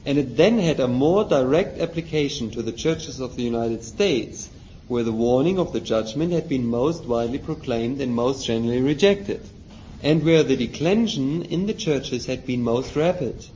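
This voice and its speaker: A man's voice: medium pitch, mellow. Guy reading and explaining scripture in a bible study, asks his listeners questions, muffled old recording, bit of hiss. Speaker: Bible teacher. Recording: dull lo-fi recording, faint noise.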